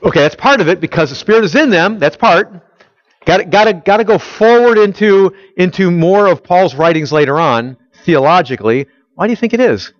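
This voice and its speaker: Guy preaching a sermon, keeps asking the crowd questions, dull muffled recording, no room echo. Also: a little high. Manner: quizzes listeners, fills in his own questions. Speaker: pastor. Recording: dull lo-fi, dry.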